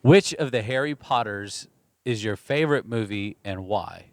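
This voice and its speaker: A man's voice: fairly low pitch, expressive, normal speed, no room sound. A man hosting a podcast in casual chat, rambling and teasing with lots of fillers. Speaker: podcast host.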